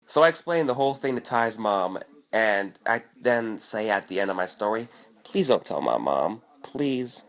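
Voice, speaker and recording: A man casually telling a personal story in a vlog, animated and profane, acting out what people said. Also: lowish voice. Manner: animated, profane, acts out quoted voices.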